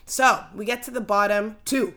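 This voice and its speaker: A woman in her thirties telling a story in casual chat, laughing often and acting out other people's lines with big jumps in pitch. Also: normal speed, pushed and bright. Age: 30s. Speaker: podcast guest telling a story.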